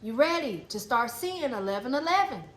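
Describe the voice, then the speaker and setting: With a high pitch, big swings in intonation and a moderate pace, a woman coaches her listeners spiritually, bluntly and emphatically, cursing casually and repeating herself. The room is echoey, with faint ambient noise.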